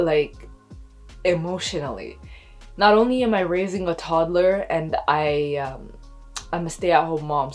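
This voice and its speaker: A woman's voice: fairly low pitch, darkish tone. Emotional young woman vlogging. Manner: emotional, talks slowly, near tears. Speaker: vlogger, expecting mother. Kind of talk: casual storytelling to camera.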